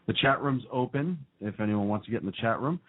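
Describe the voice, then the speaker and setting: A man's voice: medium pitch, animated, fast talker. Boston male radio host, casual rambly banter, narrow phone-line audio. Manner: rambling, self-deprecating, laughs often.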